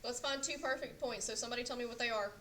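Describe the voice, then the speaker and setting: A woman's voice: on the high side, very fast, bright, forceful tone. A woman teaching a classroom math lesson, quizzing students and checking in with "okay?" again and again. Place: echoey classroom. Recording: echoey classroom, faint noise.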